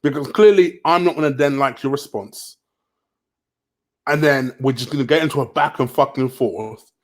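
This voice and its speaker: A man's voice: medium pitch, moderate pace. A man ranting in a late-night football vlog, heated, profane and sarcastic. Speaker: football vlogger.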